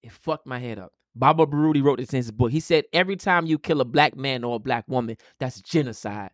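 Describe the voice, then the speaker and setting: A man's voice: medium pitch, fast talker, no room sound, studio quality. A man on a podcast making his point with emphatic, preachy repetition. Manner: emphatic, preachy, repeats key phrases. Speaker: podcast co-host. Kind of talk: casual podcast discussion.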